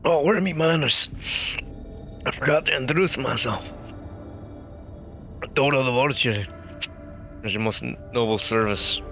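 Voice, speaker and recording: A man doing a rough, drunken pirate thug. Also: medium pitch, measured pace, pauses often, fairly bright tone, soft background music. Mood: sly, threatening. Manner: fawning, mock-humble, stumbling. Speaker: player.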